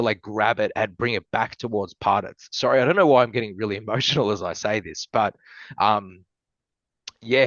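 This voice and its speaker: Man from Australia, podcast guest, rambly and heartfelt with fillers and swearing; low voice, dry muffled sound. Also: fairly bright tone, no echo. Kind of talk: casual chat.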